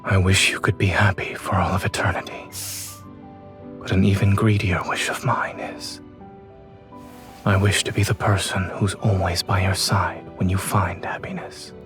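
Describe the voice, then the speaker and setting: A man voicing a gentle, reserved male love interest in a video game, speaking softly and tenderly. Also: flat delivery, moderate pace, whispered, faint music behind. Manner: soft, low, tender.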